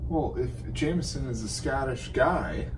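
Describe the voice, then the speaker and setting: A man's voice: mid-range voice, animated, a little slow. A man co-hosting a casual whiskey chat, curious and full of questions. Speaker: co-host. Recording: distant mic, faint noise.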